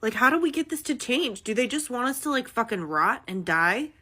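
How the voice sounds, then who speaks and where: A woman in her thirties rants to the camera through tears, exasperated and swearing as her voice climbs. Her voice sits a little on the high side. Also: animated, fairly quick, breathy edge. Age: 30s. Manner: exasperated, swearing, rising to near shouts. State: tearful. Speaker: working mother. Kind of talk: emotional rant to camera.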